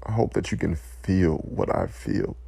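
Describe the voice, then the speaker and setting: A man giving an impassioned, emotional speech, weary and close to tears, pausing to collect himself. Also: extremely low pitch, very animated, vocal fry, dark tone, breathy edge, no room sound. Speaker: speaker addressing listeners.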